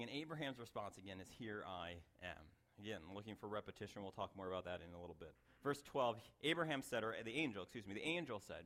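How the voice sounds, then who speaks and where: Preaching in a lowish, slightly bright voice, this middle-aged man talks fast and expressively with few pauses. His sermon is conversational, full of self-interruptions and asides that make him chuckle.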